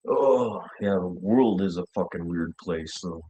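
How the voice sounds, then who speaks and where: A man's voice: deep voice, unhurried, warm tone, husky, muffled recording. A man hosting his own show, rambling and joking with heavy swearing. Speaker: show host. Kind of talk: casual rambling monologue.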